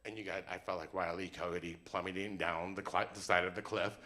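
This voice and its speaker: Young guy telling a wild story live, really bright sharp voice, acts out every line. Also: sits low, fairly quick. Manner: animated, comic, acts out dialogue.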